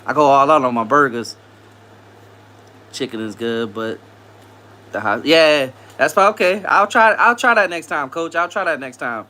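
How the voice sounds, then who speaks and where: Speaking at normal speed in a slightly high voice and pausing often, a man hosts a casual live stream. He reads comments aloud, greets viewers by name and loosely repeats phrases.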